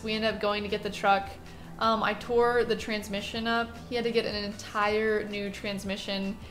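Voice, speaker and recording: A young woman vlogger telling a story to camera in a chatty, self-deprecating, animated way. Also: on the high side.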